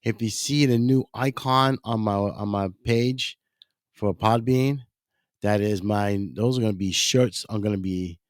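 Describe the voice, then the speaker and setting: Low-voiced rambling male podcast host. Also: a little slow, no echo, clean studio sound. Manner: rambling, self-correcting, addresses listeners as ladies and gentlemen. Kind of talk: casual solo podcast monologue.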